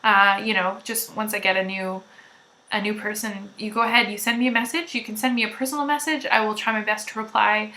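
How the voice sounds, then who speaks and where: A woman hosting a knitting podcast, chatting loudly to viewers in a gushing, rambling way. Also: medium pitch, fairly even intonation, a little fast. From Canada. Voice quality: loud. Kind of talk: casual chat to viewers.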